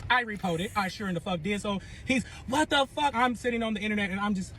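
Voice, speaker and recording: A man's voice: high-pitched, fast talker, pushed and bright, slight background noise. A man telling a dramatic breakup story in a profane, boastful rant, acting out the other voices. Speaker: storyteller in a reacted clip.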